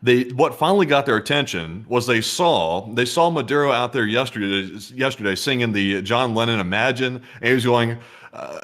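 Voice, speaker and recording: A man's voice: medium pitch, normal speed, a bit bright. Wry, rambling man riffing jokes. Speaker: co-host. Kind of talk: casual comedic chat.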